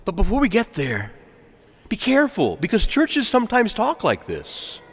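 Preacher in a reverberant hall. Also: male voice, high voice, wildly swooping pitch, moderate pace, breathy edge. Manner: dramatic swings between hushed and loud calls, asks congregation to respond. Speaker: pastor. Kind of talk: sermon.

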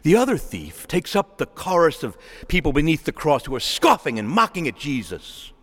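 A man's voice: fairly high pitch, moderate pace, husky. A male pastor preaching a sermon in a church, voicing quotes as he goes. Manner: animated preaching with acted quotes. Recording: long hall reverb.

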